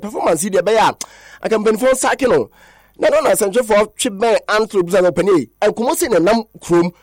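A man presenting a radio sports news report in a lively, chatty way. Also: high voice, no room sound, studio quality.

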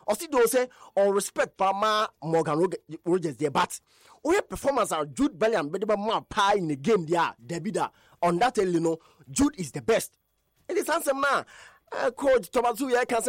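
A man with a Ghanaian accent reads a radio sports roundup in a high, bright-topped voice. His delivery is animated and emphatic, hammering points with repetition. The sound is close and dry, with no room around it. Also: brisk, no room sound.

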